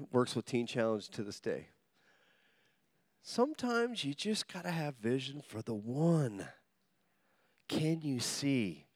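In a clean studio recording without echo, a mid-range male pastor preaches with animated storytelling. He's humorous, acts out quoted voices, and calls out to the congregation for responses.

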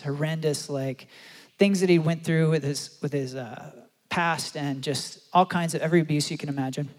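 A man preaching a sermon and telling a story, acting out the quotes with animated delivery. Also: on the high side. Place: large church hall. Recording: long hall reverb.

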